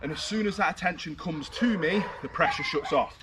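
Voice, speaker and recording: A British man working as a dog trainer, explaining his methods while giving firm short commands and high praise to a dog outdoors. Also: a little fast. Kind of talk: outdoor training demonstration with commentary. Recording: distant outdoor mic with heavy noise.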